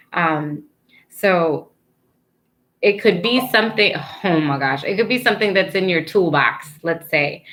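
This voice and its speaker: A woman's voice: low voice, a bit bright. A woman giving a casual spiritual card reading, earnest and encouraging, rambling with lots of fillers and losing her thread. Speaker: tarot card reader.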